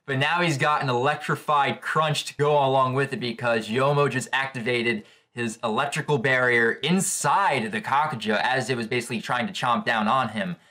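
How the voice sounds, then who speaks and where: A man giving live reaction commentary on a comic chapter, excitable and thinking aloud with restarts. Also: mid-range voice, normal speed, hardly any pauses. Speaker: comic reaction channel host.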